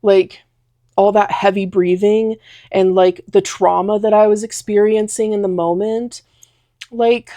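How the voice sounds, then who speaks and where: A woman's voice: medium pitch, fairly even intonation, a little slow, mellow, dry recording. A young woman telling a personal story in a casual talking vlog, rambling with lots of fillers. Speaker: vlogger.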